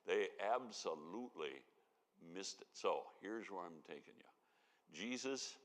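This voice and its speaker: Lively low-voiced man teaching in a reverberant church. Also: slow. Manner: animated storytelling, acts out quoted lines. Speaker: conference Bible teacher. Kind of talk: sermon-style Bible teaching. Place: church sanctuary.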